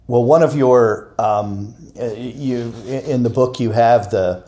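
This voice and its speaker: Male podcast host, mid-pitched voice, enthusiastic, halting questions. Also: mellow. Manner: halting, enthusiastic, with many fillers. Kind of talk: conversational interview.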